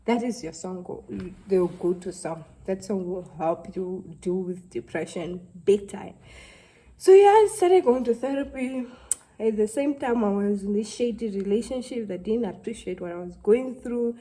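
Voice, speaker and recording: A young woman, talking to camera in a halting, heartfelt way and close to tears. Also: medium pitch, dark tone, rough recording. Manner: halting, heartfelt, with many restarts. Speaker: vlogger. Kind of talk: casual talk to camera.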